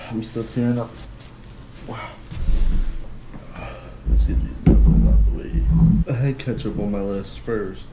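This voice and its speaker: A man's voice: fairly low pitch, fairly even intonation, unhurried, long pauses, muffled recording. A man chatting casually through a taste-challenge vlog, exclaiming and groaning at what he tries. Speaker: vlogger. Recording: echoey room with loud background noise.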